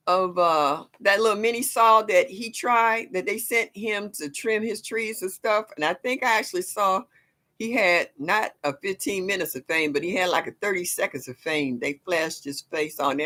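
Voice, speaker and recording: Bright-voiced older woman. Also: moderate pace. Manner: chatty, laughs often, voice jumps high when greeting viewers. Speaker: livestream host. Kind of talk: casual live-stream chat with viewers.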